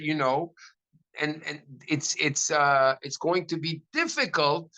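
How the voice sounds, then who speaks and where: A middle-aged man, a rabbi, giving a lecture to a class in an animated storytelling way, with frequent restarts. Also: fairly high pitch, gravelly, low-quality recording.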